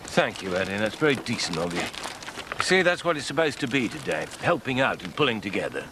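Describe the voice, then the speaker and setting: A pompous, fussy middle-aged father who talks in stiff, formal phrases. His pitch rises and falls a great deal. The mic sits a little distant, with street noise behind him. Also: very animated, a little fast.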